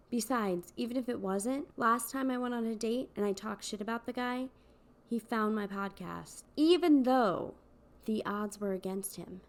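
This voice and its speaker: A woman hosting a podcast, telling stories in a wry, sarcastic comedic monologue with sudden loud outbursts. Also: medium pitch, vocal fry. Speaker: podcast host.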